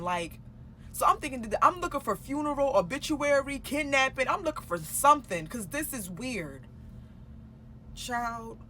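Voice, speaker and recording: A woman's voice: fairly low pitch, background noise. A woman telling a personal story in a casual storytime vlog. She swears freely and acts out her own past dialogue as she goes. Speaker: storytime vlogger.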